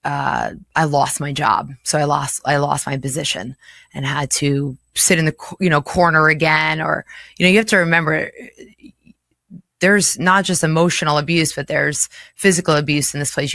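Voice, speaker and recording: A woman's voice: low-pitched, vocal fry, a bit bright, no room sound. A woman in her forties giving a candid interview as a guest, earnest and emotional, often laughing between difficult memories. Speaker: interview guest, local chapter chair.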